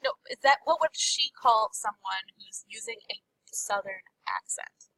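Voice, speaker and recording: A woman's voice: medium pitch, animated, a little slow, sharp tone, poor audio. A woman playing a tabletop game, asking questions in casual chat. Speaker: player.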